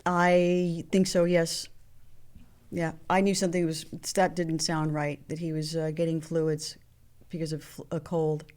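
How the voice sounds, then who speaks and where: A woman's voice: low voice, a little slow. A woman in her sixties, a guest telling candid personal stories in an interview, acting out the phone calls she recounts. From Mexican heritage. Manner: animated, acts out phone calls in quoted voices.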